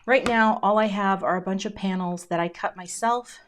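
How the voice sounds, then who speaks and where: A middle-aged woman narrating a casual crafting tutorial, chatty and relaxed, often dropping into a whisper as she concentrates. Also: medium pitch, normal speed, slight background noise. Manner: drops into whispers while concentrating. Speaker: card-making crafter.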